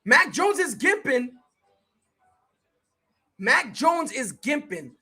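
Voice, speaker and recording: A streamer giving casual live play-by-play commentary, slangy and excitable, chatting with viewers between plays. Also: high voice, slow, husky. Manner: excitable, bursts into shouted reactions and laughter. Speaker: sports streamer.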